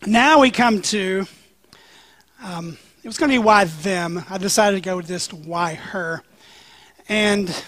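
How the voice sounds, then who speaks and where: Man, pastor, sermon, chatty with lots of ums, unhurried delivery, dry sound. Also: high voice, a bit bright, no echo. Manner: conversational and joking, with frequent "um"s.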